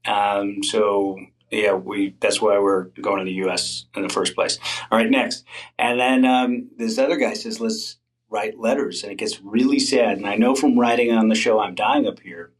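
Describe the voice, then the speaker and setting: A man's voice: lowish voice, fairly even intonation, moderate pace, husky, rough recording. A middle-aged male comedian, a guest in a candid interview, telling stories in a rambling way with lots of fillers and restarts.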